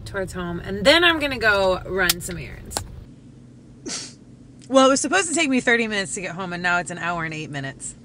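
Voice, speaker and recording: A young woman vlogs her day from her car in a casual, chatty style, swearing freely and making fun of herself. Her mid-range voice is bright and forceful, though the audio is poor and carries slight background noise.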